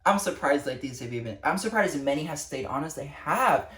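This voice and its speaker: Her voice sits low and sounds fairly bright and expressive, moving a little fast. She's a teenager venting in a vlog, full of swearing and exasperation, recorded with a distant mic in an echoey room.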